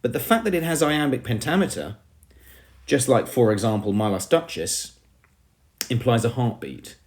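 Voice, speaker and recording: A man's voice: medium pitch, animated, moderate pace. A male teacher with an English accent giving an emphatic poetry lesson, often calling the class "everybody".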